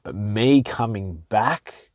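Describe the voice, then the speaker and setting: Man telling a story, low voice. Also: takes it slowly, no room sound, clean studio sound. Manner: animated, with frequent restarts and self-quoting. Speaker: podcast host. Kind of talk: casual storytelling monologue.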